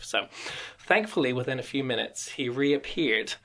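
A middle-aged man hosting a reflective talk on psychology, telling stories in a calm, conversational way. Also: mid-range voice, normal speed. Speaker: host.

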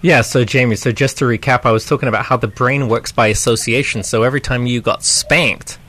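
A man co-hosting a call-in radio advice show, gently explaining and empathizing with a caller. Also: mid-range voice, steady tone, a little fast. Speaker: radio co-host, counselor.

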